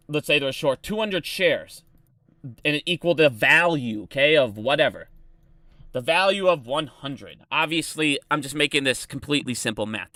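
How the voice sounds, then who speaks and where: A man's voice: on the high side, pushed and bright, no room sound, clean studio sound. A man hosting an unscripted stock commentary video, ranting in a heated, profane way and restarting his explanations often. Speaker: stock market video host.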